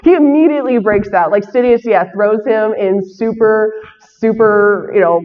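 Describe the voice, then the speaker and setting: A woman speaking at a convention panel, excitable and quick to laugh, with many fillers. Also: medium pitch, big-room sound, muffled recording. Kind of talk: enthusiastic fan talk.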